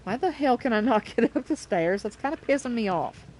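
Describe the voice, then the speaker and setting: Casual woman game streamer, profane and chatty, slightly high pitch. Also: expressive, a little fast, darkish tone, slight background noise. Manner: swears often and scolds her cat between remarks. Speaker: gameplay streamer. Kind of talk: casual gameplay commentary.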